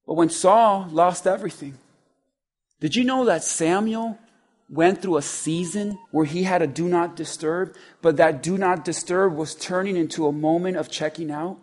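A man with a very high voice delivers a sermon. He slips from soft, chatty asides into loud, pressing preaching and quotes scripture in voices. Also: normal speed. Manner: builds from quiet asides to loud urgent preaching.

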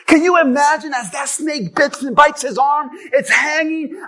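Man, pastor, sermon, forceful bright tone, dramatic, shouts at climaxes. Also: very high-pitched, a little slow, hardly any pauses. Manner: dramatic, shouting at peaks, acting out quotes.

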